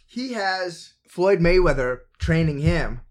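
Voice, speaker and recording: Joking podcast host man, higher voice. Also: animated, takes it slowly. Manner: loose, joking, swears freely. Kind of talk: casual chat.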